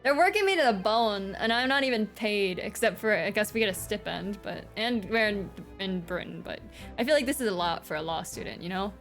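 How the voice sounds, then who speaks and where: A woman's voice: medium pitch, animated, fairly quick, fairly bright tone, faint music behind. A woman with an American accent chatting casually and giggling as she plays through a story game on stream.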